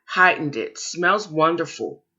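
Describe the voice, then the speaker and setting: A woman's voice: sits low, expressive, measured pace, bright, forceful tone, breathy edge, muffled recording, exaggerated voice. A woman voicing a polite, charming young man in a storybook reading. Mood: friendly.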